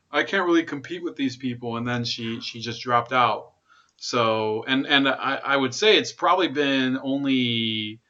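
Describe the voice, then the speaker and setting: A man's voice: medium pitch, pushed and bright, muffled recording. A man hosting a live political talk stream, rambling and sardonic, with lots of fillers. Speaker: host.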